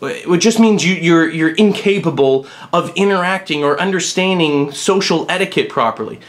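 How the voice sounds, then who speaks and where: A man's voice: fairly high pitch, normal speed. A middle-aged man with three sons, hosting a blunt, opinionated monologue vlog and ranting about people who lack social sense. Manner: blunt, ranting, mocks others in put-on voices. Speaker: vlog host.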